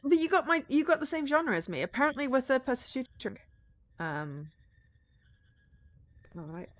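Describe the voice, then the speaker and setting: A woman's voice: high-pitched, very animated, moderate pace, pauses often. A woman streaming a game, chatting casually and thinking aloud, sometimes dropping to near-whispers. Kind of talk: casual let's-play commentary.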